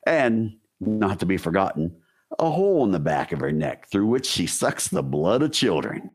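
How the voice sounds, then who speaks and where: Male podcast co-host, low and expressive, wry storyteller. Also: normal speed, slightly rough. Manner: wry, jokey asides while reading lore. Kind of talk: casual storytelling chat.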